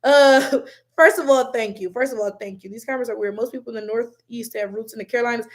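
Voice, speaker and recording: Young detroit woman on stream, black american accent, blunt and swearing, kinda high voice. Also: moderate pace. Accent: African American English. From Detroit, USA. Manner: animated, blunt, swears a lot, laughs often. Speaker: livestream host reading chat. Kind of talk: casual livestream chat.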